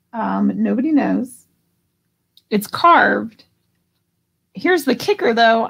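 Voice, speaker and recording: Chatty woman running a live crystal sale, kinda high and gravelly, laughs a lot. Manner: giggly, chatty, reads out bids. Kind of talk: casual live-stream auction chat.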